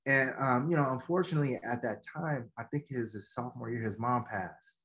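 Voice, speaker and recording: A man's voice: medium pitch, brisk. A man guest on a podcast, telling stories in a casual way, acting out quotes and often saying "man". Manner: animated storytelling, acts out quotes, says "man" often. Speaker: guest, educator and former football coach. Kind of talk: casual storytelling in a podcast interview.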